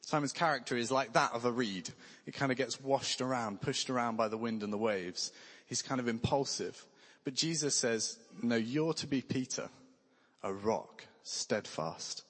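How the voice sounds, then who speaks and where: A man's voice: medium pitch, moderate pace. A man preaching a sermon in an earnest, conversational way with touches of light humor. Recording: long hall reverb.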